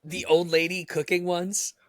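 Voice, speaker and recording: A man co-hosting a podcast, telling stories in an animated way, swearing and laughing often. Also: sits high, unhurried, no room sound, studio quality. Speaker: podcast co-host. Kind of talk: casual chat.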